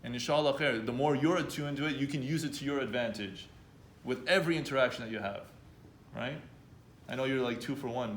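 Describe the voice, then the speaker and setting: Animated male speaking coach in echoey room. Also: mid-range voice, brisk, a little hiss or hum. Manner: direct, animated, acts out hesitant speakers. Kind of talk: live workshop talk to students. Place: event room with students. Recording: echoey room with faint background ambience.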